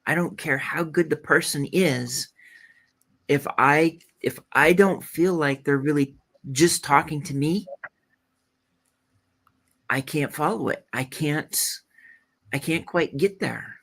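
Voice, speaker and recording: A man talking in a casual chat, halting and repeating words as he restarts his sentences. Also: on the high side, vocal fry, fairly bright tone.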